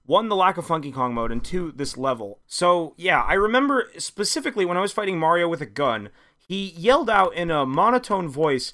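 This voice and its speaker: A man's voice: on the high side, expressive, brisk, sharp tone. A man co-hosting a comedic game podcast, ranting in mock-serious earnest. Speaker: podcast co-host. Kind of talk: casual comedic chat.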